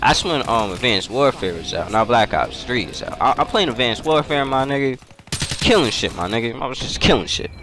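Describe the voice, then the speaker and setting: A young man who makes gaming videos on YouTube tells a slangy, casual story as he plays, often laughing, while video game gunfire and clicks sound behind him. His mid-range voice is expressive and fairly quick.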